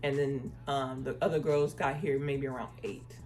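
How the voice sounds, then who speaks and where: A woman telling a casual story time vlog, acting out the people she quotes and speaking in a relaxed, chatty way. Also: extremely low pitch, normal speed. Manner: uses "y'all" and "girl" casually. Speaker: travel vlogger.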